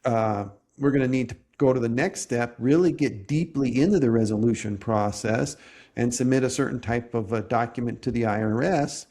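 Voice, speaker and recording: A man hosting a podcast interview, explaining tax resolution in a measured way with frequent restarts. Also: mid-range voice, warm tone.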